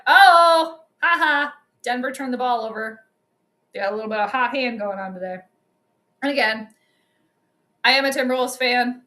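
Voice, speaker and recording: A young woman hosting a livestream, giving chatty and excitable commentary on a basketball game straight to her viewers. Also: on the high side. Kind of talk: casual live commentary.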